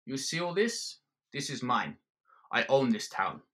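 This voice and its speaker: Man putting on a giant German metal bar owner, middle-aged, broken English, bellowing, bright tense tone. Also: medium pitch, big pitch swings, measured pace. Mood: ranting.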